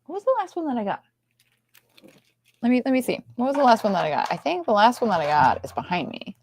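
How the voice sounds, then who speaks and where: A woman co-hosting a casual livestream chat, playful, sometimes dropping into soft whispers as she shows off her toys. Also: on the high side, sing-song, fast, breathy edge. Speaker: co-host.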